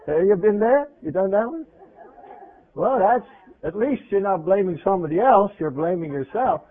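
High-voiced man preaching on tinny radio. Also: animated, normal speed. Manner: conversational preaching, asks the audience questions, voice swings from loud to hushed. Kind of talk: sermon. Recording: tinny phone-like radio recording.

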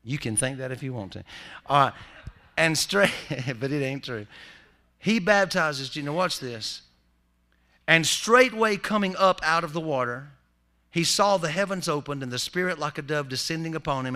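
A man preaching in a church. His delivery is folksy and humorous, and he swings from soft asides to loud, ringing lines. His pitch sits in a middle range for a man. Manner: folksy, joking preacher with lively swings in loudness. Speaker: pastor. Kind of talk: sermon.

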